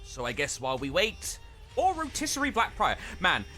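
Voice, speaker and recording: Caster: man, high bright voice, lively stream banter, faint music behind. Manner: quick, animated, laughs often.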